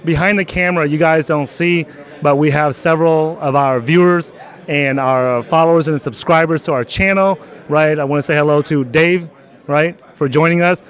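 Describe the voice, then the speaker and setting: A man's voice: fairly high pitch, steady tone, moderate pace. Jokey, filler-heavy male host. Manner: loose and jokey, many fillers. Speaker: channel host. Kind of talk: casual interview. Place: outdoors at a conference.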